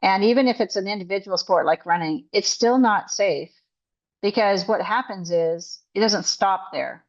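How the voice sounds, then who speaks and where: A woman's voice: mid-range voice, normal speed. Emphatic woman coach, slightly dull audio. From Canada. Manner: emphatic, indignant, restarts often. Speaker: coach and author. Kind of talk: podcast interview guest.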